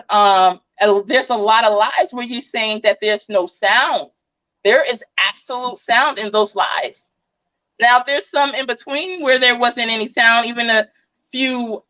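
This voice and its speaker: A middle-aged woman with a New Jersey accent, hosting a casual livestream in a loud, fast, passionate voice. Her voice sits at a medium pitch for a woman. The recording is dry and a little dull. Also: no room sound. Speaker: true crime YouTube channel host.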